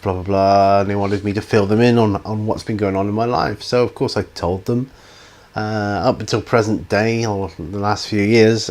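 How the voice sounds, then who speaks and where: A man's voice: on the low side, a little mellow. A middle-aged man, hosting a hobby channel's viewer Q&A in a rambling, hesitant way with many ums and restarts. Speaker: YouTube hobby channel host answering viewer questions. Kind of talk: casual Q&A chat.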